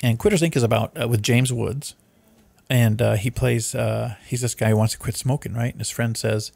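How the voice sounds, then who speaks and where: A man's voice: mid-range voice, moderate pace, vocal fry, no echo. A man hosting a casual podcast, rambling and swearing as he retells movie plots. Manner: rambling, profane, animated storyteller. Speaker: podcast host.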